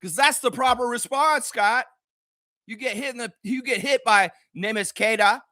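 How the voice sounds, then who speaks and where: A man's voice: extremely high pitch, measured pace, pushed and bright, no room sound, studio quality. A man hosting a live basketball reaction show, ranting heatedly and profanely at the players. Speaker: sports reaction host.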